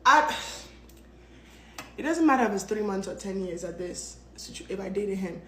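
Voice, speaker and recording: A woman's voice: mid-range voice, animated, normal speed, reverberant, a little hiss or hum. A woman telling a story in a casual vlog, dramatic and blunt, with plenty of swearing. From United States. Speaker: storytelling vlogger.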